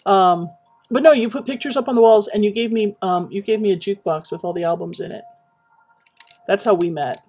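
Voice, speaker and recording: A woman chatting casually while building in a game, rambling and reminiscing with many pauses and fillers. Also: mid-range voice, darkish tone, husky, faint music behind. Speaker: Minecraft streamer.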